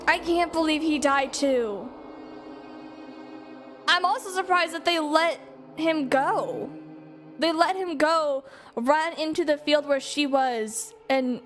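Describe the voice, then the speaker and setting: A woman streamer reacting to a game, emotional and swearing, laughing often. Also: high-pitched. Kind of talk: gameplay reaction commentary. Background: game music.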